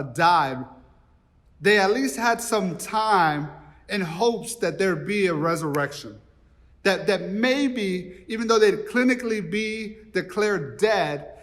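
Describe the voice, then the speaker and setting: A man's voice: high voice, fairly bright tone. Conversational male pastor with hall reverb. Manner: conversational storytelling, acts out dialogue. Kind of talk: sermon. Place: church.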